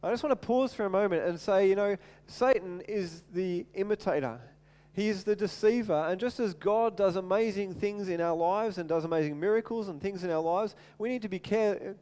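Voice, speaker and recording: A man preaching a sermon as animated storytelling, acting out voices and often repeating words, in a large hall with long reverb. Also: sits high, moderate pace, hardly any pauses.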